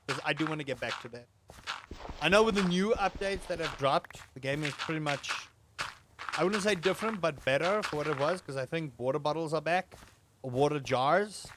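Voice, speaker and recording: A man's voice: a little high, moderate pace, noisy background. A young man streaming a game, chatting casually and rambling to his chat while he plays. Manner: rambling, self-amused, talks to chat and to the game. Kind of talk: casual gameplay livestream chat.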